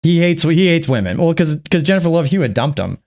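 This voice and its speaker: A man's voice: on the high side, very animated, quick pace, a little mellow. A man giving casual reaction commentary on clips, sarcastic and profane, mocking what he watches. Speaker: reaction streamer.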